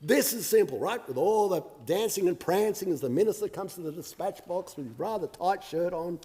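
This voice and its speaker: A man's voice: sits high, expressive, a little fast, dark tone. An Australian man, a member of parliament, giving a combative and sarcastic debate speech, mocking his opponents. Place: large parliamentary chamber. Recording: long reverb of a large chamber.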